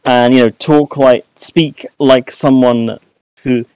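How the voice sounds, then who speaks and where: A man's voice: mid-range voice, fairly even intonation, slow pace, a little mellow, clean tone, no room sound, low-quality recording. A young British man, a podcast co-host, talking in a rambling casual way with many restarts and self-mocking asides. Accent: British English. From United Kingdom. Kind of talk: casual chat.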